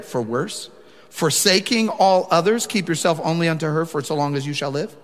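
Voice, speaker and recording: Man, pastor preaching, emphatic, speaks to the congregation, fairly high voice, reverberant church hall. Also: a bit bright. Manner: emphatic, talks directly to the congregation. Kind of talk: sermon.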